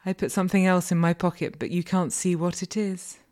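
A woman's voice: on the low side, fairly even intonation, a little fast, darkish tone. A woman narrating a second-person erotic audio role-play in a teasing, commanding manner, sometimes dropping to a whisper.

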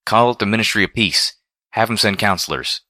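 A man's voice: low-pitched, fairly even intonation, fast talker, sharp tone, dry recording, clean studio sound. A man reading a storybook voices a caring but stubborn farm-pony mare who speaks in a folksy country dialect. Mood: concerned.

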